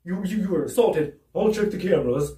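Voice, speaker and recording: Dude doing a deep stern principal, slow and deliberate, roomy sound. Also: male voice, lively intonation, dark tone, distant mic. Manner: low, slow, deliberate questioning. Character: stern middle-aged male school principal. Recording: roomy, away from the mic.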